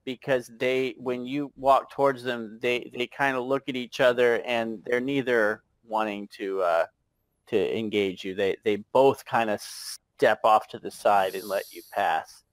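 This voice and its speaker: A man narrating a tabletop game as game master, halting and chuckling as he goes. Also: medium pitch, fairly even intonation, clean tone, no echo. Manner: halting, many fillers and restarts, chuckling.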